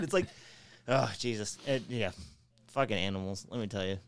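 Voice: mid-range voice, moderate pace. A podcast co-host telling funny stories in casual chat, swearing and laughing. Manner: animated storyteller, swears, laughs while talking.

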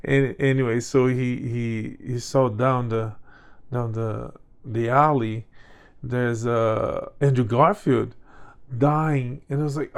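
A man's voice: mid-range voice, steady tone, slow, clear, resonant tone. A man co-hosting a casual chat show, talking in a rambling way with many restarts and fillers. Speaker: podcast co-host.

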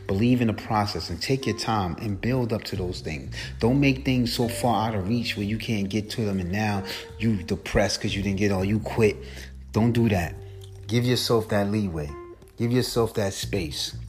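A low-pitched man talks through a motivational podcast monologue, hammering each point home by saying it again and again. He rises high and loud as the story heats up, and faint music plays behind him. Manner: preachy and repetitive, driving points home; climbs high and loud when retelling the race. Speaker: podcast host.

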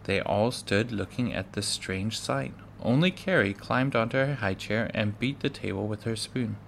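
A man reading a children's book aloud, measured and with occasional stumbles. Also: on the low side, gravelly, a little hiss or hum. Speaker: reader.

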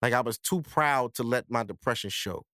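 A man's voice: medium pitch, normal speed, bright, forceful tone, dry recording, studio quality. A young man hosting a podcast, telling a candid personal story in profane street slang. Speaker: podcast host. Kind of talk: casual storytelling monologue.

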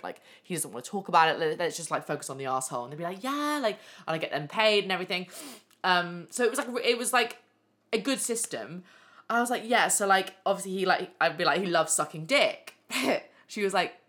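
A young woman hosting a podcast, telling frank, animated stories full of swearing and fillers. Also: mid-range voice. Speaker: podcast host. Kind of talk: candid casual storytelling.

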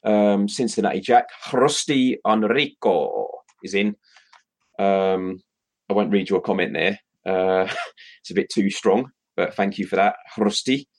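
A British man with a low, husky voice co-hosts a casual live stream. He reads out viewer comments, pausing often with ums and restarts. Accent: British English. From Britain. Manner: hesitant, lots of ums and restarts. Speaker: co-host of a crypto live stream.

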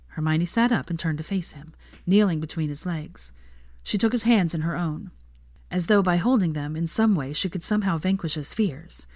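A woman reads a story aloud in a calm, measured way, her voice low and quiet. The recording is dry and close, with no room sound around it. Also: no echo. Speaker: fan fiction reader. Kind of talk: audiobook narration.

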